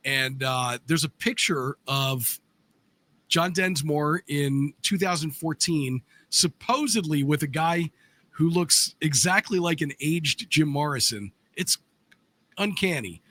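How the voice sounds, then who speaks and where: A man co-hosting a casual podcast chat, easygoing and hesitant, who fills his pauses with lots of "uh" and "um". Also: fairly high pitch, animated, sharp tone. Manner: easygoing, hesitant, many fillers. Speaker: podcast co-host, music news.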